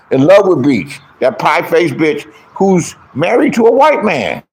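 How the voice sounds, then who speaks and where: A middle-aged man ranting in a crude, boastful storytelling style, acting out other people's lines in mocking voices. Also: fairly high pitch. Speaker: online commentator, self-styled comedian and troll. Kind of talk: profane storytelling rant.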